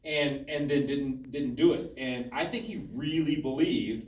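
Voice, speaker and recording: A man's voice: mid-range voice, a little slow, hardly any pauses, darkish tone, a little hiss or hum. A man at a town hall, earnestly giving his view in a political discussion. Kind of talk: political commentary to an audience. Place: town hall meeting room. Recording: echoey hall from a distance.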